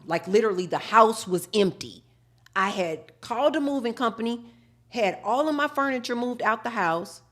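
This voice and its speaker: A woman's voice: mid-range voice, a bit bright. A woman hosting a live talk show, telling her dating stories and acting out both sides of each conversation. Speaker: host.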